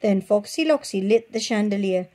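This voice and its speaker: A young woman reading a picture book aloud to her children, coaxing and expressive. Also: medium pitch, moderate pace.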